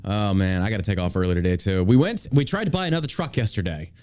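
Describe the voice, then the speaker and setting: Animated ranting man host. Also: on the low side, fast. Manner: ranting, animated, mocks people in put-on voices. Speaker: podcast host. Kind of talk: casual profane chat.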